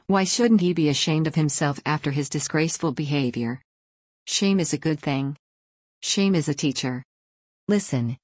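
A woman reading an opinion column aloud in a steady, measured way, leaning on rhetorical questions. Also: low voice, no echo, studio quality. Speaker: article reader.

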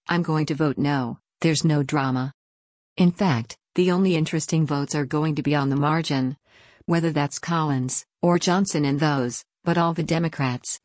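Low-voiced woman reading a news article. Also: darkish tone, dry recording, studio quality. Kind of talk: news article read aloud.

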